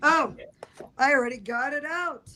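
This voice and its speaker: A woman's voice: high voice, unhurried, noisy background. A woman guest explaining astrology in a rambling, conversational way over a video call. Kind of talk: casual livestream chat.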